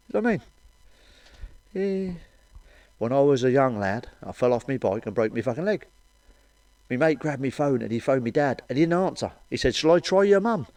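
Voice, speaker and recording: A middle-aged man telling crude stand-up jokes with blunt, sweary, deadpan asides. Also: medium pitch, no echo. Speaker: stand-up comedian. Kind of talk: crude stand-up one-liners.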